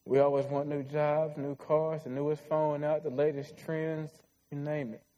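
Earnest young male preacher, mellow tone. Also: fairly high pitch, flat delivery, moderate pace, lo-fi sound. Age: 20s. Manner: earnest, heartfelt storytelling. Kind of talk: sermon.

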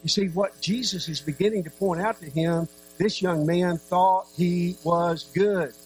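A man preaching a sermon, earnest, with dramatic pauses and sudden drops to a soft voice. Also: sits high, steady tone, slight background noise, rough recording.

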